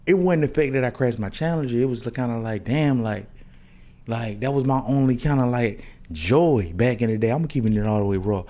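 A man's voice: medium pitch, brisk, mellow. A man in his thirties hosting a podcast, telling loose, slangy stories with many restarts and asides. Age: 30s. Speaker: podcast host. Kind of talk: casual monologue.

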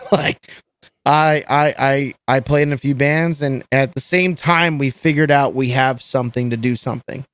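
A man who sings in a metal band, chatting as a podcast guest in an animated, rambling way and swearing freely. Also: mid-range voice, normal speed, smooth, no echo. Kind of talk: casual podcast chat.

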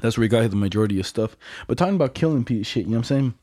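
A man's voice: mid-range voice, expressive, very fast, warm tone. A young man telling stories in a casual, slangy chat and laughing often.

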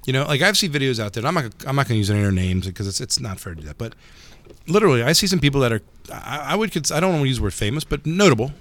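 A man who teaches martial arts, chatting loosely on a podcast in a middle-pitched voice. He tells stories with lots of energy and stumbles over repeated words. The recording is close and dry, with almost no room sound. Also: racing, no room sound. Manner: animated storyteller, repeats words as he talks. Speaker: jiu-jitsu instructor. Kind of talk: casual podcast chat.

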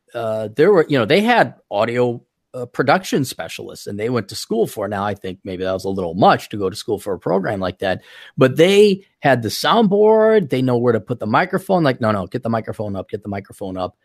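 A man's voice: mid-range voice, no echo, studio quality. A man hosting a casual podcast chat, talking in a rambling, self-deprecating way with lots of restarts. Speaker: podcast host. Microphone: desktop studio-style USB mic.

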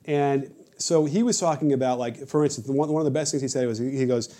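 A man telling stories on a podcast in a rapid, animated way, often restarting his sentences. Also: medium pitch. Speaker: podcast guest, basketball coach and creator. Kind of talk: casual podcast conversation.

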